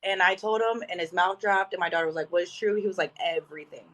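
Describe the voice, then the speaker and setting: Brief: woman, 30s, casual guest, lively storyteller doing voices in her anecdotes. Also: lowish voice, fast talker, poor audio. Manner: animated, acts out quoted dialogue. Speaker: podcast guest.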